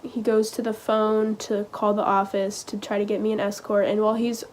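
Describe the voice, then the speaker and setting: Teen girl vlogger, average pitch, casual storytelling, hesitant and filler-heavy. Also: level tone, darkish tone, a little hiss or hum. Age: teens. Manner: hesitant, halting, heavy use of "like" and "um".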